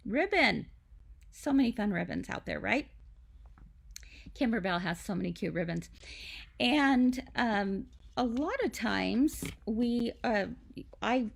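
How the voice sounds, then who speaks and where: A woman's voice: medium pitch, gravelly. A woman hosting a live craft tutorial for a quilt shop from home, chatty and confiding with lots of asides.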